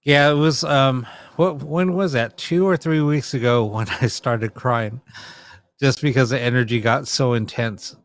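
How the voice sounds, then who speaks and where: A man's voice: mid-range voice, a little slow, dry recording. A man hosting a late-night live stream, chatting casually with his viewers and teasing back at them.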